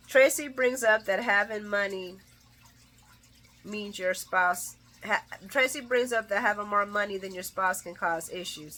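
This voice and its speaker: A woman hosting a casual soap opera recap, chatty and expressive, laughing as she talks and tossing slangy asides to her viewers. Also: mid-range voice, measured pace. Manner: laughs often while talking.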